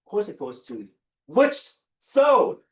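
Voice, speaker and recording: A man teaching a high school chemistry class and telling stories, with an animated delivery that keeps asking the students "right?". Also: slow pace, slightly rough. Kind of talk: classroom lecture with storytelling.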